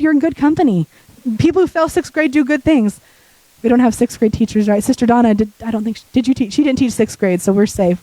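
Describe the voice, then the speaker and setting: A woman preaching a sermon in a church while sick, her voice deepening, talking conversationally and joking with the congregation. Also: mellow, no room sound, rough recording.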